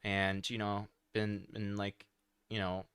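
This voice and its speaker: Weary male streamer, low-key and dismissive, bright clean tone, no room sound. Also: monotone, takes it slowly, smooth, no room sound, clean studio sound. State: tired. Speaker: streamer reacting to a video. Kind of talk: casual stream commentary.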